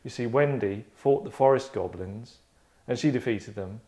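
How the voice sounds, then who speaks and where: A man's voice: medium pitch, moderate pace, mellow. A middle-aged man hosting a casual discussion, rambling and breaking off his sentences to act out lines. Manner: rambling, self-interrupting, acts out quotes. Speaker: writer and podcast host.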